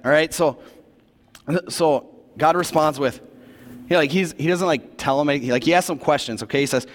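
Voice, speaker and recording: A man preaches in a church, telling the story with a relaxed, chatty energy and slang tossed in. His voice sits a little high for a man. It rings out with the long reverb of a big hall. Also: normal speed. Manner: casual, animated retelling of scripture, slangy asides. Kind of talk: sermon.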